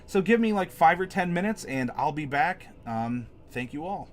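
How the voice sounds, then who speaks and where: A man's voice: on the high side, animated, moderate pace. Chatty man rambling to his stream. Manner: rambling, chatty, reads chat aloud and answers viewers. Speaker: streamer host. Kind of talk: casual live-stream chat with viewers. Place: home desk.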